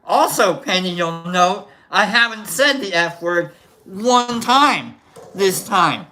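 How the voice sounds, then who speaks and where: A livestream host giving casual, rambling shout-outs to viewers, joking around. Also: mid-range voice, expressive, slow. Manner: jokey, rambling, tries silly voices.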